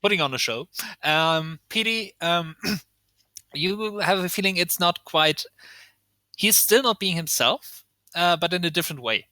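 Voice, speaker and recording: Slow, bright-voiced male game master. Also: high voice, expressive, dry recording. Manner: halting, full of ums and pauses. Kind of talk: narrating a tabletop game over voice chat.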